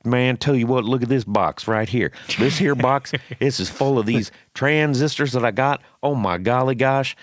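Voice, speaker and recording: A man's voice: medium pitch, normal speed, hardly any pauses, no echo, pitched above the performer's own voice, close to an everyday voice. A man putting on a joking Southern American accent to play a folksy Southern man eagerly showing off his boxes of gear. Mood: gushing. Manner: hammy, jokey drawl.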